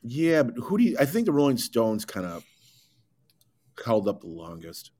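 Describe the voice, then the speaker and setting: A man's voice: medium pitch, normal speed, no echo. A man in casual chat about rock bands, telling stories with animation. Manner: storytelling, animated.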